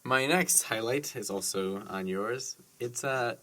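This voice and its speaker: A man on a movie podcast drops brief, easygoing comments in a mid-range voice. He sits a little back from the microphone, so he comes across softer than his co-host. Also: mid-range voice, slow pace. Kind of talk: casual movie podcast chat.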